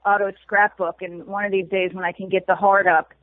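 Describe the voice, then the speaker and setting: A woman, a guest in a casual interview, speaking softly and thoughtfully and laughing along with the stories. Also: mid-range voice, level tone, brisk, no echo. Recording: dry, tinny phone line.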